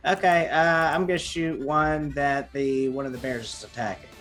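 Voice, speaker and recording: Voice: mid-range voice, moderate pace, soft background music. A playful player in a tabletop game who asks about the rules and laughs along. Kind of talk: casual tabletop play.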